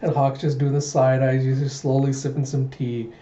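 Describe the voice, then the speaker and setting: A man's voice: medium pitch, level tone, moderate pace, mellow. A man doing a casual manga readthrough, retelling scenes and acting out the lines. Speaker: reader, channel host. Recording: echoey room, muffled lo-fi mic.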